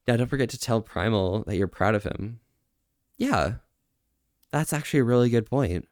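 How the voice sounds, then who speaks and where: A man streaming and chatting casually, soft-spoken, drawing out slow words of praise. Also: medium pitch, expressive, no echo, studio quality. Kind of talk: casual livestream chat.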